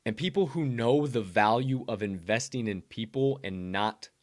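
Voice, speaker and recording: A man's voice: mid-range voice, normal speed. A young man hosting a casual online stream, hyped up and preachy, swearing as he rants. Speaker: NFT content creator. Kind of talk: casual livestream promo rant.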